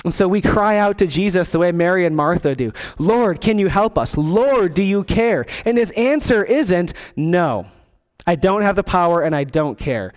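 A man preaching a sermon as a pastor, earnest, dropping quiet and low to stress key words. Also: animated, moderate pace. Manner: acts out quoted voices in the text.

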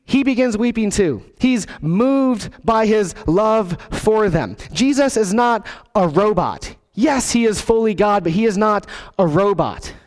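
A man preaching a sermon as a pastor, earnest, dropping quiet and low to stress key words. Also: lively intonation, measured pace. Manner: acts out quoted voices in the text.

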